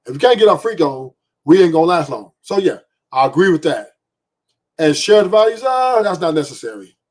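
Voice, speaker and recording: Podcast host, male, husky, a bit high; blunt and profane, peppers his points with "right?". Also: animated, brisk, darkish tone. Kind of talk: opinionated podcast monologue.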